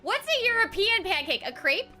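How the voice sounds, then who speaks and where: A woman's voice: sits high, pushed and bright. A woman voice actor chatting casually with viewers during a game live stream, playful, giggly and teasing herself. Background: game music.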